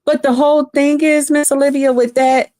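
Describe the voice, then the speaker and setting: A woman's voice: high voice, flat delivery, normal speed, darkish tone, no room sound, studio quality. A woman guest on a livestream, polite and explaining herself, calling the host "ma'am.". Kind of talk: casual chat.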